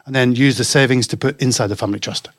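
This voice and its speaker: A man's voice: mid-range voice, fairly even intonation, fast, no room sound, clean studio sound. A man talking as a podcast guest, casual and wry, poking fun at himself. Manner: wry, self-mocking. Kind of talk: casual chat.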